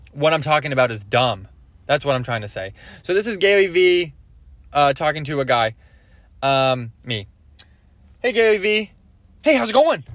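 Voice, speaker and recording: A man's voice: medium pitch, a bit bright, no echo. A man in his twenties doing a rambling comic podcast monologue, often breaking off and asking "okay?". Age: 20s. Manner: rambling, self-interrupting, asks "okay?" often. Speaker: podcast host.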